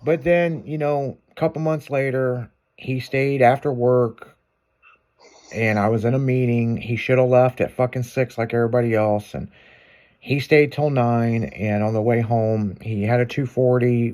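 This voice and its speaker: A man's voice: medium pitch, steady tone, moderate pace, darkish tone. A man who runs a shop, telling stories in casual chat, swearing and laughing a lot. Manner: profane, laughing storyteller.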